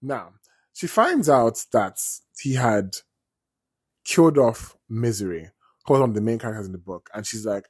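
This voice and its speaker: A man chatting as a vlogger, wandering off on tangents and swearing freely. His voice is slightly husky, at a middle pitch for a man. The recording sounds dry and close. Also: lively intonation, moderate pace, dry recording. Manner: chatty, digressive, swears casually. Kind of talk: casual storytelling commentary.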